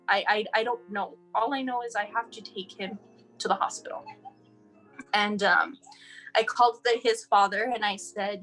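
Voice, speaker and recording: In an interview, a young woman from El Paso, Texas tells her child's story emotionally, acting out the quoted dialogue and restarting often. Her voice is a little high and fairly bright, and she speaks briskly. The low-quality recording has faint music in the background.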